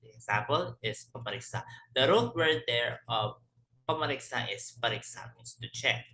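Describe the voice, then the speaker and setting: A man's voice: mid-range voice, expressive, bright, forceful tone, roomy sound, poor audio. A man teaching a language lesson, explaining word by word with frequent restarts and self-corrections. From Philippines. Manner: halting, corrects himself often.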